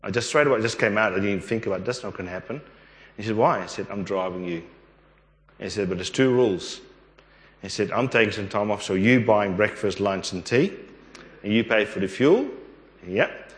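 Australian man telling a story in an echoey hall. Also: fairly low pitch. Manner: rambling, animated storyteller with quick asides. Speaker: interview guest. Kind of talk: storytelling testimony. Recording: echoey room with long reverb.

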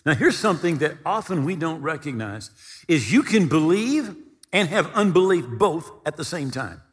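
Male pastor, sermon delivery, dramatizes quotes, slightly raised pitch, long reverb tail. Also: very animated, normal speed. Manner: preaching with dramatic retellings of scripture quotes.

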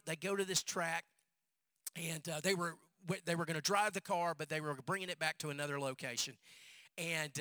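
A male pastor delivers a sermon in a very bright, forceful voice pitched a little high. He tells stories with energy and doubles back on phrases for emphasis. The sound is close and dry. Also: no echo. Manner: animated storyteller, repeats phrases for emphasis.

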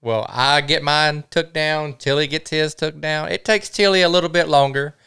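An easygoing man telling a trip story with a teasing tone. His voice is smooth and clear, a bit high for a man. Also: moderate pace, pushed and bright. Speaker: trip companion. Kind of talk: casual storytelling.

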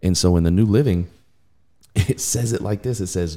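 A man hosting a podcast, casually teaching from the Bible in an animated way, laughing and mimicking voices. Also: low-pitched, normal speed.

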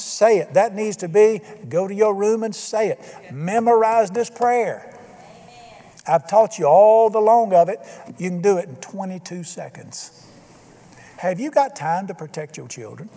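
A man's voice: high-pitched, a little slow, mellow, big-room sound. An older man preaching a sermon with emphatic, folksy delivery and bits of humor.

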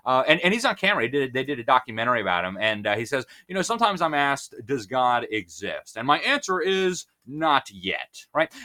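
A man's voice: medium pitch, bright, forceful tone. A man speaking as an interview guest, talking with fervent, preacher-like emphasis. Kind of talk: impassioned interview commentary.

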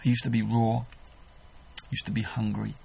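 A man's voice: fairly low pitch, level tone, moderate pace, creaky, darkish tone, a little hiss or hum, low-quality recording. A man preaching a sermon, earnest and emphatic, often restarting his sentences.

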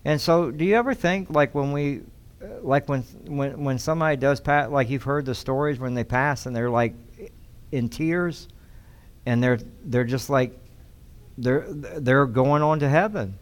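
A man's voice: mid-range voice, a little slow. A man preaching a sermon as pastor, teaching in a conversational way and repeating key phrases for emphasis. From United States.

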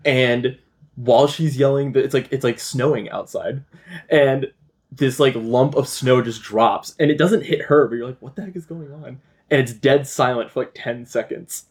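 Casting: young male podcast host, lively storyteller, laughs and swears, mid pitch. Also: normal speed, breathy edge. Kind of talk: casual chat.

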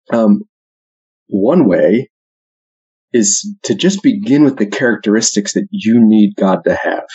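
A man, talking casually about faith, full of "like" and "right?", loud when he acts out quotes. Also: on the low side, husky. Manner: conversational, says "like" and "right?" a lot, acts out quotes loudly. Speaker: speaker. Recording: muffled lo-fi recording.

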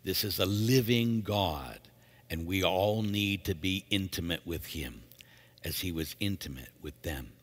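A very deep-voiced priest reads scripture with a solemn, measured delivery, then preaches earnestly. His voice rings out with a long church reverb. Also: expressive, fairly bright tone. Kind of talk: liturgical reading and homily.

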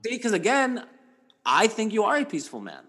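A middle-aged man with a somewhat high voice tells stories in a loose, conversational way. He swears freely and acts out his own outbursts. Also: wildly swooping pitch, brisk, fairly bright tone. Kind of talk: casual chat.

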